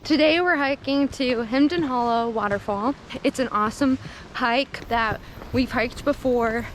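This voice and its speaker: A chatty young woman with a mixed Minnesota and Southern accent and a slightly high voice talks to the camera on a forest trail. She laughs often, and a little outdoor noise sits faintly behind her. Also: measured pace. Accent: mix of Minnesota and Southern US. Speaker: hiking vlogger. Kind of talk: casual vlog chat on a trail.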